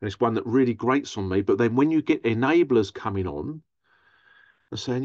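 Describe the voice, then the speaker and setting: A man's voice: mid-range voice, normal speed, no echo. Man, therapist, casual monologue, mimics others, dry muffled recording. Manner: animated, mimics others in raised voice. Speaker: therapist and podcast host.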